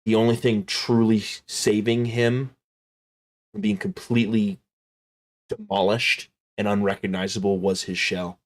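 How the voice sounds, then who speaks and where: A man narrating a tabletop game as game master, slow and dramatic, dropping to hushed tones. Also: lowish voice, level tone.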